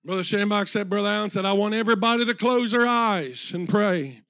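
A man preaching a sermon in a church, retelling a story through many quotes, slowing down and swelling for emphasis. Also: high-pitched, bright, forceful tone, dry recording, studio quality.

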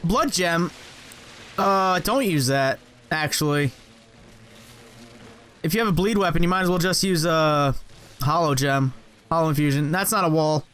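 A man's voice: fairly high pitch, measured pace, long pauses, a bit bright, clear, resonant tone. A man commenting on his own gameplay, cursing and joking at the enemies as he plays. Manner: profane, jokey, talks to game enemies. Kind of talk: let's play commentary.

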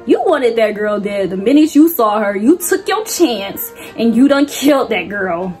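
Young woman ranting thru a movie plot, super expressive, kinda high pitched, soft music under. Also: unhurried. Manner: animated and slangy, with lively swoops in pitch. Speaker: movie reviewer. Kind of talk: casual movie plot recap.

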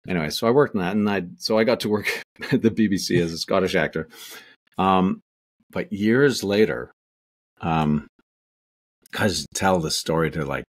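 A man's voice: low-pitched, moderate pace, pauses often. A Canadian man, an actor, telling rambling anecdotes in a casual interview, full of restarts and fillers. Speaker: actor guest.

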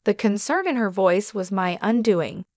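A woman narrating a first-person family drama in a steady, even reading. Her voice sits in a middling range and is recorded very dry and close, with no room sound. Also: medium pitch, normal speed, no echo.

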